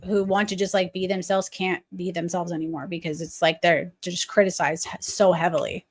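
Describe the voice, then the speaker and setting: A woman co-hosting a podcast in casual chat, ranting with halting restarts. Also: on the low side, steady tone. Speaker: podcast co-host.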